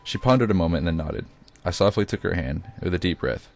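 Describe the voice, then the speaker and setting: A man's voice: sits low, lively intonation, fast, gravelly, a little mellow. A man reading his own first-person story aloud, with occasional stumbles and self-corrections. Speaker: reader.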